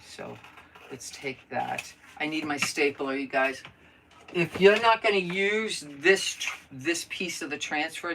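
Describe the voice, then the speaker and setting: Chatty low-voiced woman crafting live. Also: recorded from a distance, very noisy. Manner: chatty, thinks aloud while working and greets viewers. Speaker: crafter hosting a live stream. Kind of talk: casual live crafting chat.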